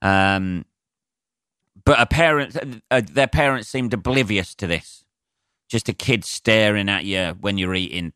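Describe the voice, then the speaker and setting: A man's voice: lowish voice, sharp tone, no room sound, studio quality. A man hosting his own podcast, ranting sarcastically with lots of swearing, rambling asides and fillers. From England. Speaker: comedian podcast host. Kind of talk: solo comedic rant.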